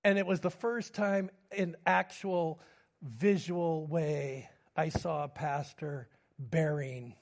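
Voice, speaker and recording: Preacher in his fifties with a high, light voice, telling personal stories from the pulpit. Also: steady tone, slow pace. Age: 50s. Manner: storytelling, moving between humor and grief. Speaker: pastor.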